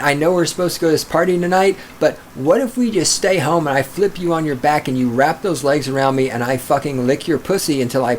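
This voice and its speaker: A man's voice: fairly high pitch, a little hiss or hum. A man hosting a podcast, reading listener letters aloud and ranting at them in a profane, combative, sarcastic way. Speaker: podcast host.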